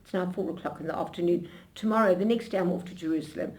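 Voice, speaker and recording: An older woman being interviewed, telling her memories in an animated storytelling way with frequent restarts. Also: on the low side, quick pace.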